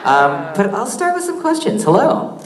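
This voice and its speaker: A man answering audience questions on a convention panel, joking and teasing himself in a quick, easygoing way. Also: high voice, huge pitch swings, a little hiss or hum. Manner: joking, self-mocking, quick. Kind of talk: casual Q&A on stage. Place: convention hall stage. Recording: echoey hall with crowd.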